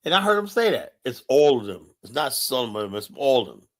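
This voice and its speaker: A man's voice: medium pitch, sing-song, fairly quick. A man in a mid-range voice gives an urgent, emphatic live-stream monologue. He keeps circling back to his points with "you know" and "right?" fillers. His delivery is passionate and conversational rather than scripted. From United States. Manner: urgent, emphatic, repeats himself with many fillers. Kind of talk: impassioned monologue commentary.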